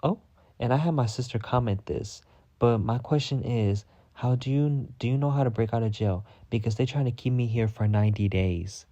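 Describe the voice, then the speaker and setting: A man's voice: medium pitch, moderate pace, dark tone, no room sound, dull audio. A man hosting a storytime podcast, telling a story in a sassy, dramatic way with heavy cursing. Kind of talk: casual profane storytime rant.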